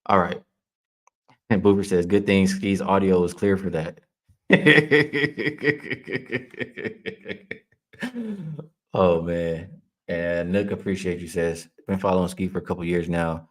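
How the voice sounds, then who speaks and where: A man with a notably low voice hosts a sports betting livestream. He talks casually, reads comments from the chat and answers them, and laughs easily along the way. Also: steady tone, takes it slowly, pauses often. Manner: casual, heated when ranting at a chat troll; laughs often while reading comments. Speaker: sports betting show host.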